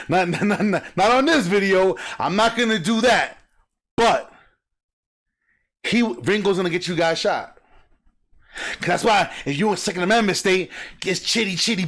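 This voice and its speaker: A man hosting a reaction video, talking emphatically and acting out sounds and quotes in animated commentary. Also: high-pitched.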